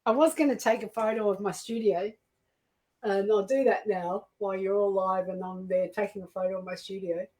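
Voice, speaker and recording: A woman's voice: medium pitch, steady tone, fairly quick, a little mellow, rough recording. An Australian woman hosting a live cooking stream, chatting casually, reading out viewer comments and laughing easily.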